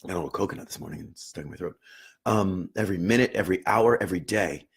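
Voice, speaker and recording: Young male meditation teacher, husky and lowish voice, earnest and emphatic, repeats key words. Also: racing. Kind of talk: unscripted teaching talk on meditation.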